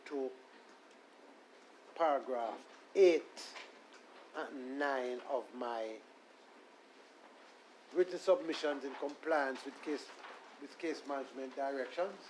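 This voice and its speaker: A man, a lawyer making a deferential, measured legal argument in court and reading his submissions aloud. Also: mid-range voice, darkish tone, a little hiss or hum, rough recording. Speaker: defense attorney.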